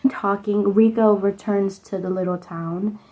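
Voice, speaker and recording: A woman's voice: mid-range voice, steady tone, unhurried, warm tone, poor audio. Young woman chatting casually about a movie. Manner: rambling, full of "like" fillers. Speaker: vlogger reviewing a movie. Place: indoors at home under a sunset lamp.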